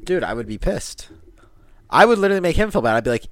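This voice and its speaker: A man's voice: on the high side, quick pace, no echo. A young man co-hosting a casual podcast chat, telling stories with lots of swearing and laughter. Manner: animated storytelling, swears a lot, laughs often. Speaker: podcast co-host.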